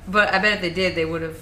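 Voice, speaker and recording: A woman's voice: lowish voice, pushed and bright, a little hiss or hum. A woman co-playing a game, trading dry, teasing banter with her partner. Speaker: co-player. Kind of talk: casual gameplay commentary. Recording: echoey room.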